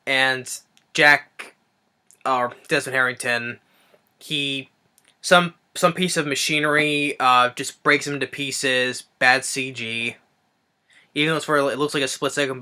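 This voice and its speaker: A man giving a casual spoken film review, halting and restarting his phrases as he thinks aloud. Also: medium pitch, fairly even intonation, pushed and bright, clean tone. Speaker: movie reviewer.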